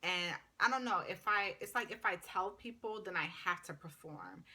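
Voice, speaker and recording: A woman's voice: medium pitch, normal speed, slightly rough. A woman in her thirties, a paramedic student, telling a story in a casual, chatty vlog. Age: 30s. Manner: chatty, animated retelling full of "like".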